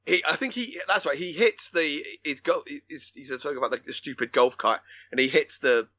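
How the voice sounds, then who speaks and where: A man's voice: on the high side, fairly quick, sharp tone, highs cut off. A man co-hosting a film podcast, retelling scenes in a rambling way with many restarts and acted-out quotes. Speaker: podcast co-host. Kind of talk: casual film discussion.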